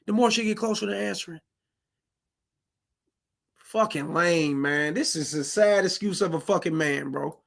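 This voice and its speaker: A man's voice: high voice, normal speed, gravelly, pauses often, a bit bright. A man giving casual reaction commentary, profane and exclamatory, talking to viewers as fellas.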